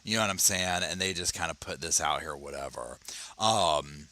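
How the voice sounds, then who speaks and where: A man hosting a casual commentary channel, talking and reading an article aloud in a chatty, animated way, often stammering and restarting. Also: low voice, a little fast, dry recording. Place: home, at his computer.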